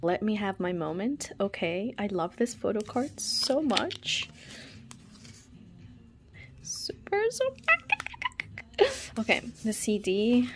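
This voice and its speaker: A woman's voice: mid-range voice, unhurried, hardly any pauses. A young woman chatting casually while unboxing albums, gushing and dramatic, full of laughs and sudden whispers. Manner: gushing and dramatic, lots of "like" and "wow", frequent laughs, drops to whispers. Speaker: K-pop fan vlogger.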